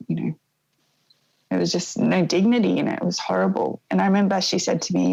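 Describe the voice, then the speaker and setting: A woman in her thirties telling a painful personal story in an interview, in a soft, reflective way that often halts and starts again. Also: on the low side, gravelly, slightly rough, muffled recording. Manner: soft, reflective, halting with restarts. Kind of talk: emotional personal testimony.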